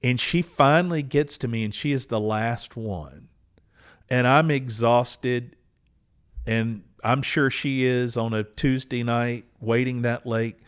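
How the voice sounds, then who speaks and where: A man, telling a personal story as a podcast host, earnest and unhurried, with small restarts. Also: mid-range voice, fairly even intonation, smooth. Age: 60s.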